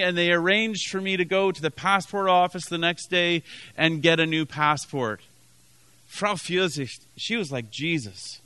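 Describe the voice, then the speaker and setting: A man's voice: high voice, measured pace, bright, forceful tone, smooth, no echo. A man from Canada preaching a sermon as pastor, telling a story with many restarts and emphatic repetition.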